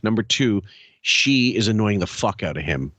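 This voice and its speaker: A man's voice: fairly low pitch, animated, moderate pace, fairly bright tone, dry recording. Crude joking man co-hosting a podcast. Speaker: podcast co-host. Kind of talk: casual podcast commentary.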